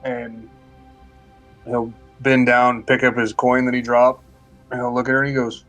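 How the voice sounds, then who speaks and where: A man's voice: medium pitch, monotone, measured pace, pauses often, a bit bright, soft background music. Male player; casual, playful, medium voice. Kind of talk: describing his character's actions.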